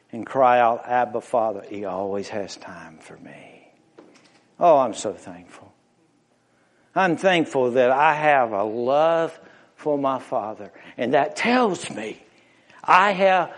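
A man preaching a sermon to a congregation in a church, impassioned, swinging from loud emphatic rises to hushed near-whispers. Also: medium pitch. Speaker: pastor. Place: church sanctuary before a congregation. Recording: long reverb of a large hall.

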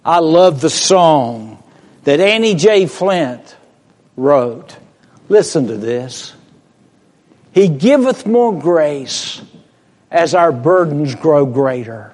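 A preacher delivering a sermon slowly and deliberately, swelling to loud emphasis and dropping to a hush. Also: male voice, mid-range voice. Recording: long reverb of a large hall.

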